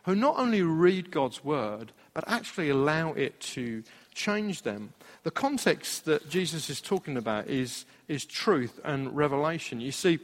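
Pastor preaching in an echoing hall. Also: male voice, on the high side, a little slow. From Britain. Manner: storytelling, animated, laughing at his own anecdote. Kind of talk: sermon with a personal story. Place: church hall. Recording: long hall reverb.

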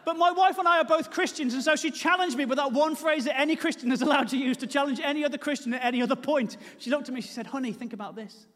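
A man's voice: quick pace, few pauses, a bit bright, long reverb tail. A man performing self-mocking stand-up comedy, telling a story and acting out his own panic. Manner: self-mocking, acts out panicked high-pitched voices. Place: comedy venue with live audience.

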